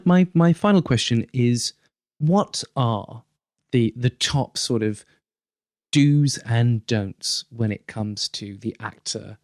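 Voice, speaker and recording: A man's voice: medium pitch, darkish tone, dry recording, studio quality. A man hosting a podcast, chatty and enthusiastic, stumbling over the openings of his questions. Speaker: podcast host. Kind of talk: casual interview chat.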